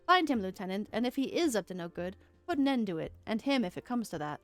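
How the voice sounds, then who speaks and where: A woman's voice: mid-range voice, sing-song, fast talker, faint music behind, close to an everyday voice. A woman voicing a stern male military commander giving orders, reading game dialogue aloud. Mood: firm.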